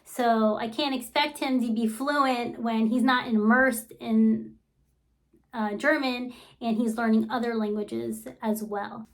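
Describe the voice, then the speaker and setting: A woman's voice: a little high, steady tone, slow pace. A woman in her thirties talking casually in a vlog, telling fond stories with enthusiasm and frequent fillers. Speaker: vlogger and homeschooling mother.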